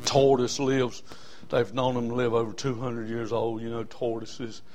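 A man's voice: mid-range voice, moderate pace. Folksy preacher in his sixties. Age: 60s. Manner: folksy, animated storyteller with bursts of shouting. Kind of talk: sermon storytelling.

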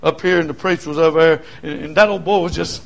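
Older pastor, gravelly voice; folksy sermon, quiet stretches breaking into shouts. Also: male voice, a little high, steady tone, fast talker.

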